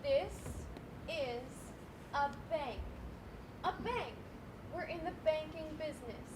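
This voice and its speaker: A woman's voice: high-pitched, animated, takes it slowly, background noise. A woman playing a harried, stiffly formal female bank manager in a live stage play, recorded on a school stage. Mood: stiffly patient. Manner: stiff, formal, increasingly exasperated. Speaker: stage actor.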